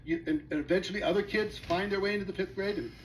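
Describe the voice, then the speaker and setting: A man's voice: high-pitched, fast, slight background noise, rough recording. A man speaking as a network marketing presenter, telling a story with rhetorical questions to his audience in a motivational talk.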